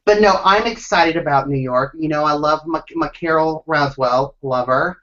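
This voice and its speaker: A man co-hosting a casual chat about reality TV, excitable and playful, often giggling. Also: on the high side, moderate pace, highs cut off. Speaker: co-host.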